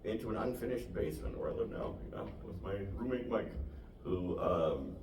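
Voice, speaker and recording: A man's voice: on the low side, animated, moderate pace, darkish tone. A young man doing a stand-up set to a small audience, rambling and self-deprecating. He laughs often at his own lines. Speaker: stand-up comedian. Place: small live venue. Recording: echoey room, distant mic, noisy.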